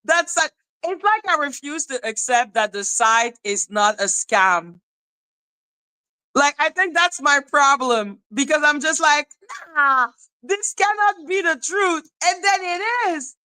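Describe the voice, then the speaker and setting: A woman hosting a podcast, telling a story in casual chat, excitable and animated, swearing and laughing as she retells it. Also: high-pitched, unhurried, rough recording. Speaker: podcast host.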